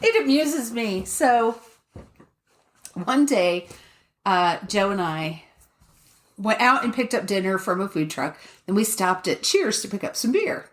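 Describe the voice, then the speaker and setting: Lively, animated woman telling a story. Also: mid-range voice, unhurried, pauses often. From Colorado, USA. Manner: animated storyteller, swears freely, laughs often. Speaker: podcast co-host. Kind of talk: casual chat.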